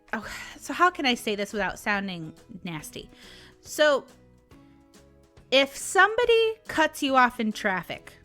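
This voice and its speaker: Bright-voiced Southern woman ranting. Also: on the high side. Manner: animated, laughs often, sarcastic asides. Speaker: vlog host. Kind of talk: casual ranting commentary.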